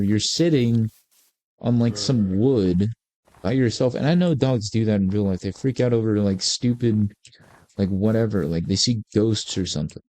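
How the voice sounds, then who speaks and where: With a fairly low, mellow voice at normal speed, this man in his forties provides loose, wandering commentary on a game. He's a gaming video creator whose asides are easygoing and self-mocking.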